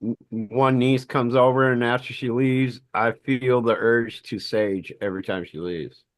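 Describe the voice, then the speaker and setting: A man's voice: mid-range voice, fairly even intonation, measured pace. Joking man with dry one-liners. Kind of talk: casual chat.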